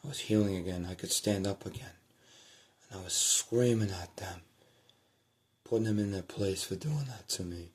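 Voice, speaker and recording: A man sits at home at night telling the camera a personal story in a low voice, at a moderate pace with frequent pauses. It's a rambling, profane account in which he repeats himself and trails off quietly.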